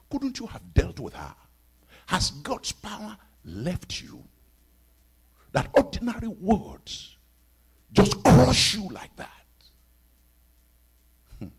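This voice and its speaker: Husky-voiced man preaching with dramatic swings. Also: high voice, wildly swooping pitch, takes it slowly, long pauses. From Africa. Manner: dramatic preaching, swings from hushed whispers to loud exclaims. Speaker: pastor. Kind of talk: sermon.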